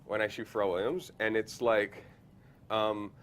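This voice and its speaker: A man in his forties, a photographer, telling stories as a podcast guest, acting out quotes with big jumps in pitch and frequent laughs. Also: steady tone, moderate pace, a little hiss or hum. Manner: acts out quoted voices, jumps high in pitch, laughs often, many filler likes. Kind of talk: animated storytelling in a podcast interview. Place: podcast studio.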